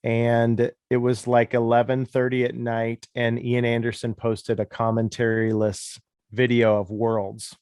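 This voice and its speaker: Relaxed, rambling man in his thirties. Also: mid-range voice, a little slow, smooth, no room sound, clean studio sound. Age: 30s. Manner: relaxed, rambling, self-deprecating. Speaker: disc golf commentator. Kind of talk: casual interview storytelling.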